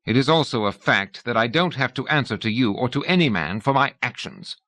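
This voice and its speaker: A man's voice: medium pitch, lively intonation, brisk, sharp tone, no room sound. A man reading an audiobook, voicing a proud male explorer who indignantly defends his record in a declamatory way.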